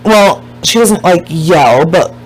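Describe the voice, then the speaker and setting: A woman casually recapping a documentary to her viewers, emphatic and blunt, swearing freely and slowing down to stress the points that upset her. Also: lowish voice, lively intonation, breathy edge, low-quality recording.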